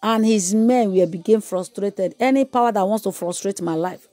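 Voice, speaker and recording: A woman evangelist, preaching a sermon with emphatic repetition and moving into loud prayer and speaking in tongues. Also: medium pitch, moderate pace, dry recording, soft background music.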